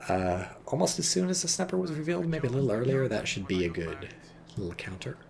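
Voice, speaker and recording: Male caster, lowish pitch, chatty and joking, desk mic, loud battle sounds underneath. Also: creaky, noisy background. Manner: chatty, joking, off-hand swearing. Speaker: game commentator. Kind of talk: casual play-by-play commentary. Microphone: desk microphone. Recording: voice over loud game battle audio.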